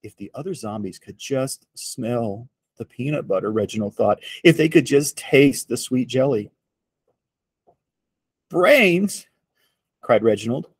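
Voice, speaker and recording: A man reading a picture book aloud to children in an expressive storytelling voice. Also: medium pitch, slightly rough, no echo. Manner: slow, expressive read-aloud.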